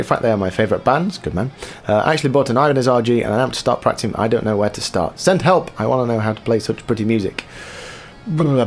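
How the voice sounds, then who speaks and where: A man who chats casually in a question-and-answer video, rambling in a relaxed way with frequent ums as he reads questions aloud and answers them. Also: on the low side, slight background noise. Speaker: guitar cover musician answering viewer questions. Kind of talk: casual Q&A chat.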